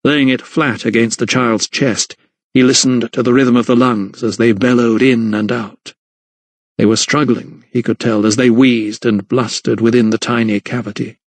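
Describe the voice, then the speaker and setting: A man narrating a historical mystery audiobook in a measured, even storytelling voice. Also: mid-range voice, no echo. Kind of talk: scripted narration.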